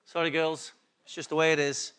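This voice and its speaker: A man's voice: fairly high pitch, level tone, a little fast, fairly bright tone, clear, resonant tone. A man with an English accent preaching a sermon, repeating key words for emphasis and asking the congregation questions. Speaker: pastor.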